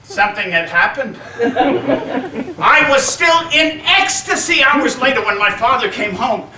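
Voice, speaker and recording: A man performing a theatrical one-man-show story on an Off-Broadway stage, with an excitable, gushing delivery. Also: very high voice, measured pace, recorded from a distance, a crowd in the background. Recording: echoey theater, heard from afar.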